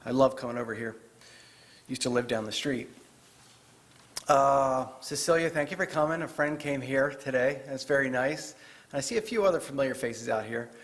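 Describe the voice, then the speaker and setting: A man's voice: mid-range voice, moderate pace, fairly bright tone. A man giving a chatty, joking talk as a guest author to a live audience in a parish hall. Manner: chatty, joking, with fillers and restarts.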